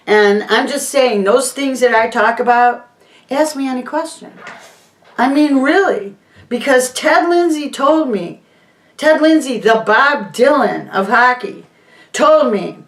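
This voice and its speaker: A woman's voice: sits high, expressive, unhurried, distant mic. A woman hosting a casual monologue vlog, rambling and emphatic, moving between topics. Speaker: host. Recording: echoey room, voice off-mic.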